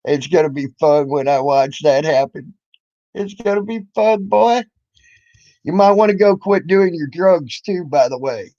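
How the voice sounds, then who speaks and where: An expressive man with a mellow voice on the high side speaks unhurriedly, with no echo on the dull lo-fi track. As a YouTube commentator, he angrily mocks and confronts other people, cursing freely.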